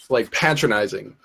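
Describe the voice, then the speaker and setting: A man's voice: medium pitch, vocal fry, sharp tone, husky. A man in casual group talk, explaining hesitantly with many fillers while he hunts for the right words.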